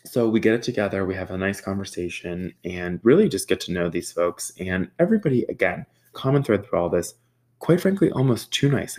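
Gravelly low-voiced man storytelling. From United States. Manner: animated, profane, mimics sounds. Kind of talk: casual storytelling.

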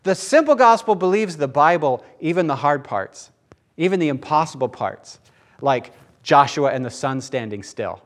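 A man preaching a conversational sermon, animated and joking as he goes. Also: a little high, normal speed. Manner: animated, laughs and jokes mid-sentence.

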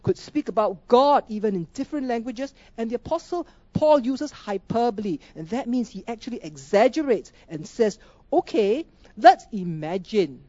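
A woman's voice: fairly high pitch, dark tone, no echo, muffled recording. A woman preaching a sermon, emphatic, asking rhetorical questions and repeating key phrases.

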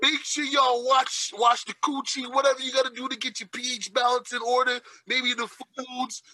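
Guy with a really high piercing voice, crude animated ranting, super dry sound. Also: normal speed, no room sound, low-quality recording. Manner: animated, profane storytelling with loud outbursts. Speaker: podcast host. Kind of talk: casual, crude comedic chat.

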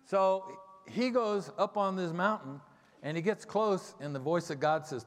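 A man preaching a sermon as a pastor, telling the story with lively acted-out voices and checking in with the congregation. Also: high-pitched, measured pace. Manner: animated storytelling, acts out quoted voices, checks in with "okay?". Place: church sanctuary. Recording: long hall reverb.

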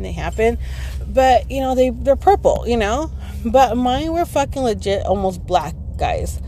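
A woman's voice: mid-range voice, mellow, slight background noise, rough recording. A tired woman in her thirties telling a personal story in a casual podcast monologue, rambling with lots of fillers and swearing. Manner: rambling and profane, heavy fillers. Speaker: podcast host.

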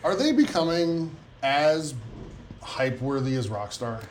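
Animated man with a slightly noisy mic. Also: on the high side. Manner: animated storyteller, quick to agree. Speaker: podcast co-host. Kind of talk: casual chat.

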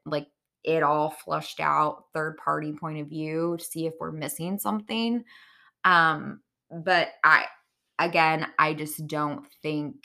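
A podcast host recaps reality TV with casual, opinionated commentary, chatting candidly and peppering her talk with "like" and "um." Her deep voice is creaky, pushed and bright.

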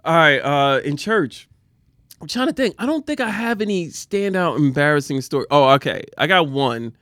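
A man co-hosting a casual chat, animated and quick to laugh loudly. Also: fairly high pitch, no room sound, studio quality. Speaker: podcast co-host.

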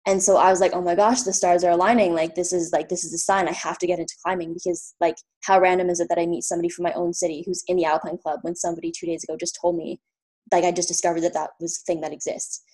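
A woman's voice: on the low side, flat delivery, very fast, darkish tone. A woman from Canada in her thirties telling a travel story in a chatty, casual way, full of fillers and little laughs. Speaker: guest.

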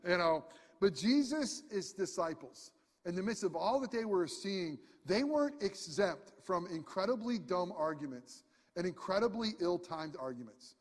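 A man preaching a sermon in a lively, conversational way with self-deprecating humor, speaking to a congregation in a church. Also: high-pitched, moderate pace. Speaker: pastor. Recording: hall reverb.

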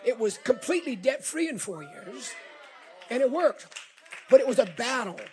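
A middle-aged male pastor with a Southern accent, preaching a sermon as an animated storyteller who repeats words and builds to shouts. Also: very high voice, moderate pace, some chatter behind.

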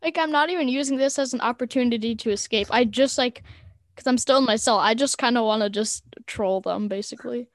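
A woman's voice: a little high, brisk, no room sound, studio quality. A woman playing a tabletop game, chatty and playful, cracking jokes as she plays. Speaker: player.

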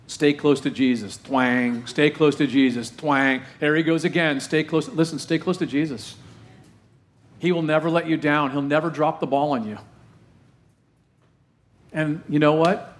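A man preaching from the pulpit in a fairly high voice. He asks question after question, repeats lines for emphasis, and drags out key phrases to drive them home. Now and then he drops in a joke at his own expense. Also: fairly even intonation. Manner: rhetorical questions, emphatic repetition, dramatic pauses; slows down heavily to stress key phrases. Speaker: pastor. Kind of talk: sermon.

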